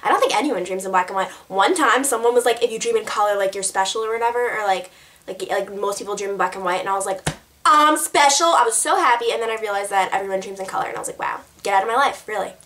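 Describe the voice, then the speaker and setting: A woman's voice: medium pitch, very fast, a bit bright, slight background noise. A young woman chatting to camera in a rambling, giggly way, answering tag questions. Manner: bubbly, rambling, giggly, lots of "like". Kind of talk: casual chat to camera.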